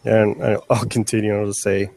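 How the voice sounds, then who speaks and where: A man playing a tabletop role-playing game, deliberately describing his character's actions in the first person. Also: lowish voice, flat delivery, creaky, warm tone, no room sound. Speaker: player.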